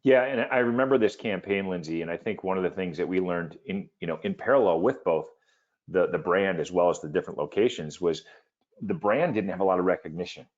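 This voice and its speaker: A man's voice: sits low, fairly quick, muffled recording. A man hosting a business webinar, speaking in a confident, emphatic salesman manner over a video call. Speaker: webinar host.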